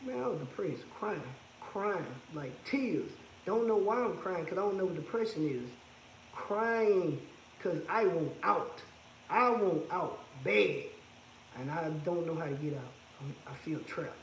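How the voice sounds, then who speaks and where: High-voiced man chatting on a livestream. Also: animated, a little slow, reverberant, slight background noise, poor audio. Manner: laid-back, candid, reads out viewer comments. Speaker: livestream host. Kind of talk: casual livestream chat with viewers. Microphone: phone.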